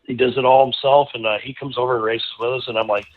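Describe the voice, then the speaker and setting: A middle-aged man, a guest racing driver, telling a rambling, animated anecdote in casual conversation, full of restarts. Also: mid-range voice, quick pace. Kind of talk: casual storytelling. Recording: tinny phone-like line.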